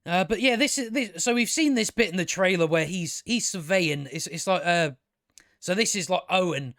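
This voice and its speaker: Sweary rambling man, high voice. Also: normal speed, a bit bright. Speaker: video reviewer. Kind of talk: casual commentary over clips.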